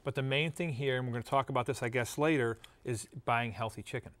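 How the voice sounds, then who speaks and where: A man's voice: mid-range voice, quick pace, fairly bright tone. A middle-aged man co-hosting a healthy cooking segment, talking casually about a recipe and joking often. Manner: chatty, joking, restarts often. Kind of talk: casual studio chat.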